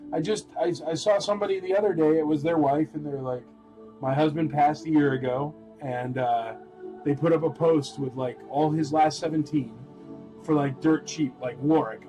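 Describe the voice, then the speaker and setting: A man hosting a live-stream toy auction, chatting in a rambling, animated way and calling out bids. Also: on the high side, moderate pace, soft background music, low-quality recording.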